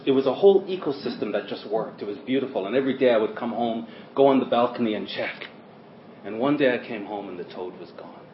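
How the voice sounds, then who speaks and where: A man preaching a sermon in a church hall, who swings between loud stresses and quiet asides. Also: medium pitch, slight background noise. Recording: roomy, dull lo-fi sermon recording.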